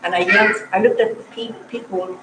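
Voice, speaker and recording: A woman's voice: medium pitch, steady tone, a little fast. An older woman shares a heartfelt, choked-up story with her congregation. She is picked up from a distance, so her voice comes through an echoey hall with plenty of background noise. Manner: warm, emotional storytelling. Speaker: parishioner. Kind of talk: personal story at a church meeting. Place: church hall. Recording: echoey hall, mic from far off, noisy.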